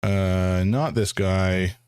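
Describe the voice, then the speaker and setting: A man's voice: low voice, fairly even intonation, extremely slow, a little mellow, clear, resonant tone, dry recording, clean studio sound. A man streaming a first playthrough of a game, thinking aloud in a hesitant way and often restarting his sentences. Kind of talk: live game commentary.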